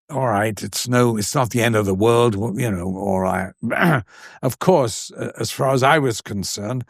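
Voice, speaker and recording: An older Englishman recounts stories from his career with lively animation, slipping into the voices of the people he describes. The sound is dry and close, with no room echo. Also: medium pitch. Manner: animated, acts out quoted voices in anecdotes. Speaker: actor and guest. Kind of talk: anecdotal storytelling.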